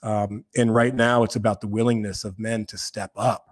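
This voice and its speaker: A man as a podcast guest, talking earnestly and with passion, slowing down to repeat his key points with emphasis. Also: fairly low pitch, flat delivery, no echo, studio quality. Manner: impassioned, preacher-like, with emphatic slow repeats. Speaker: podcast guest, men's group co-founder.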